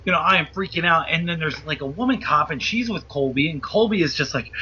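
Man guest, husky voice, high and strained; animated, profane storyteller who acts out quotes. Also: a little fast, few pauses. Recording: muffled lo-fi audio.

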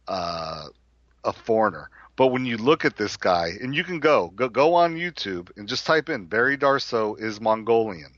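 A man's voice: on the low side, fairly bright tone, dry recording, dull audio. A man co-hosting a casual podcast, blunt and opinionated, restarting his sentences often. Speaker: podcast co-host.

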